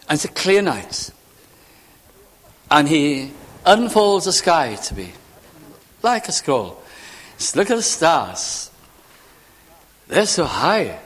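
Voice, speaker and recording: A man's voice: mid-range voice, sing-song, unhurried, pauses often, fairly bright tone. A man preaching a sermon, asking rhetorical questions and building to fervent emphasis. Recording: reverberant hall sound.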